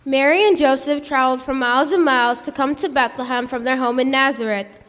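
High-voiced woman narrating a storybook. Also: a little fast, fairly bright tone. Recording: reverberant hall.

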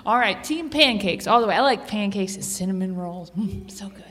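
A woman giving a children's sermon, chatty and animated, asking the kids questions as she tells a story. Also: medium pitch, moderate pace. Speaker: children's church teacher. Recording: long reverb of a hall.

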